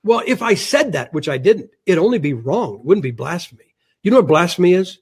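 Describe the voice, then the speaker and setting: A man speaking as a guest on a religious talk show, combative and mocking, with a husky voice. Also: sits high, big pitch swings, moderate pace. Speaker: guest preacher.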